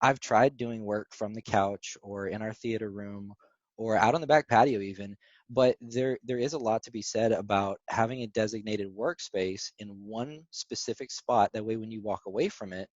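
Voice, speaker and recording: A man hosting a casual interview over the phone, chatty and quick to laugh as he shares stories. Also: lowish voice, dry recording. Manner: chatty, laughs often, lively anecdotes. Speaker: interview host. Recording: dry, dull phone-call audio.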